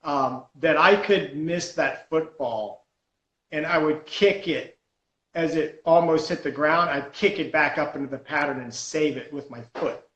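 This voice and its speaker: A man, a stunt comedian, telling a story in a lively, self-mocking way on a podcast. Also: on the high side, unhurried, echoey room, highs cut off. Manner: animated storyteller, laughs at himself. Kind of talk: casual storytelling on a podcast call.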